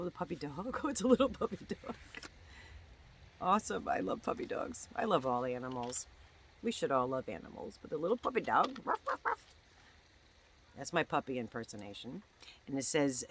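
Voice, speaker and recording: A woman's voice: deep voice, slight background noise. A woman in her sixties, a crochet vlogger, rambling in casual chat at home and often breaking off her own sentences. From United States. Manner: chatty, meandering, self-interrupting.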